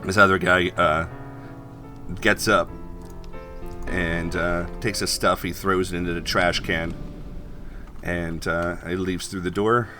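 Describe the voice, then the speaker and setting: A man's voice: deep voice, flat delivery, slow, pauses often, sharp tone, soft background music. A man narrating a tabletop game as game master, in a rambling, filler-heavy way.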